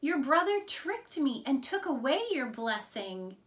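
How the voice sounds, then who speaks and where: A solemn old blind patriarch, voiced by a woman teacher speaks slowly and gravely. His pitch sits a little high. He weighs each word of his blessing. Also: very animated, a bit bright, recorded from a distance, full character voice. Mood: distressed. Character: aging blind father patriarch, solemn and shaken.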